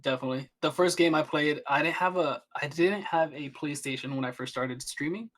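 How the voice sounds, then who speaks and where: A man's voice: a little high, brisk, a bit bright. A young man chatting as a podcast guest, rambling with many restarts and fillers. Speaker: guest streamer. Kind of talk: casual podcast chat.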